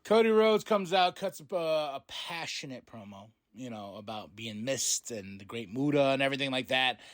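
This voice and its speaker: A man hosting a podcast, recapping a wrestling show in a loose, excited way, swearing and paraphrasing what the wrestlers said. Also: mid-range voice, moderate pace, dry recording, studio quality. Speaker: podcast host.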